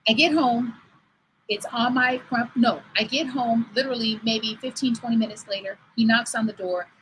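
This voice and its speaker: Chatting away on her livestream show, a host over forty tells stories and performs the lines of the people in them. Her voice runs on the high side with a fairly bright tone. Audio through her computer mic is poor, with a bit of background noise.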